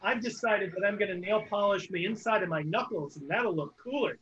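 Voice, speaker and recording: A man's voice: high voice, fairly quick, a bit bright, slight background noise. A man playing an improv comedy game on a video call, making absurd claims with a straight face. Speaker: improv performer. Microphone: video call mic. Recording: muffled video call audio.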